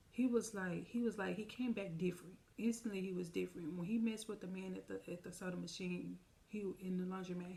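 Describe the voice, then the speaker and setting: A woman's voice: lowish voice, vocal fry, darkish tone. A woman telling a personal story on a casual storytime vlog, chatty and speaking straight to her viewers, acting out the lines of the people in it. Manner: chatty, addresses viewers directly; vivid retelling with quoted dialogue. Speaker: storytime vlogger.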